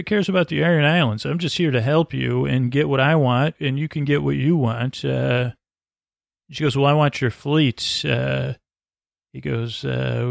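A man with a gravelly voice rambles through a scene-by-scene recap, stalling on "uh" and restarting words. He is recorded close up on a very dry mic, with no room sound. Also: medium pitch, no room sound. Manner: halting, many "uh" fillers and restarts. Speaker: podcast host recapping a TV episode.

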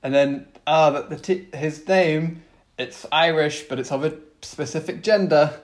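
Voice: mid-range voice, unhurried. A podcast co-host in casual chat, teasing and giving short hints. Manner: brief, hinting, teasing. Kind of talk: casual chat, guessing game.

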